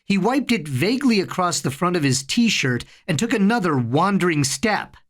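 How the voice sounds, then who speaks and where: A storyteller giving a slow, dramatic reading of horror fiction. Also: mid-range voice, very animated.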